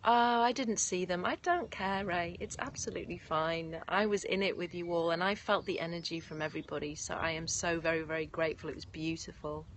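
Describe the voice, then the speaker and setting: A woman who teaches yoga nidra chats warmly with her live-stream audience outside after a guided meditation, thanking people by name. Her fairly low, steady voice moves fairly quickly with few pauses, while faint birds and distant sirens add slight background noise.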